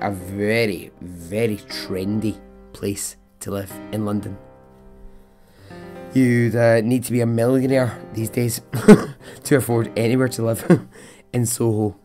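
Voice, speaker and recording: A man's voice: mid-range voice, mellow. A man hosting a podcast, telling a true story in a casual, chatty way, laughing often and talking straight to the listener. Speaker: podcast host.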